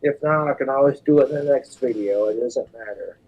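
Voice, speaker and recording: A man's voice: mid-range voice, a little fast, breathy edge, muffled recording. A man with hiccups on a crude, boastful, rambling rant, stumbling over his words. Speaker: streamer in a played clip.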